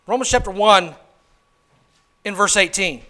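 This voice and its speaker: A man preaching a sermon in church, swinging from hushed, quiet lines to loud shouted ones and putting many questions to the congregation. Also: sits high, a little slow. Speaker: pastor.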